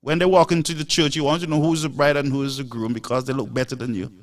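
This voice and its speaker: A man's voice: mid-range voice, little pitch movement, fast talker, recorded from a distance. A man hosting a live show, delivering an emphatic, preachy monologue full of rhetorical asides.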